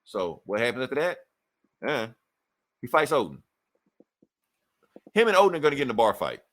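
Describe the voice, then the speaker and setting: A man's voice: mid-range voice, very animated, normal speed, fairly bright tone. A man co-hosting a podcast, recapping a comic book in a loose, profane, laughing way. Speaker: podcast co-host.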